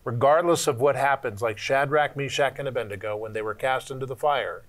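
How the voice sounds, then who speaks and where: A man with a mid-range voice hosts a ministry television program, teaching in an earnest, preacherly way. He slows down and leans on his key points as he exhorts his listeners. The sound is clean studio audio. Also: medium pitch. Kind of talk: preacherly Bible discussion.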